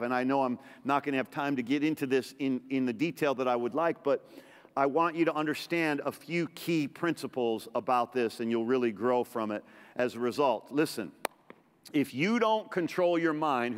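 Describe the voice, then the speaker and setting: Emphatic preacher man in an echoey sanctuary. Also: mid-range voice. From Middle Eastern background. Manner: emphatic preaching with repeated phrases and quick asides. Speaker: pastor. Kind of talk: sermon. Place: large church sanctuary. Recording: echoey church hall reverb.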